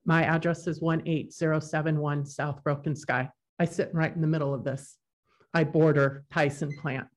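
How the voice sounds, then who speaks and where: A woman's voice: low voice, little pitch movement, moderate pace. Earnest woman speaking at a hearing. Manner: emotional, earnest, a bit unrehearsed. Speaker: resident testifying at a public hearing. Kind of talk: public comment at a council meeting.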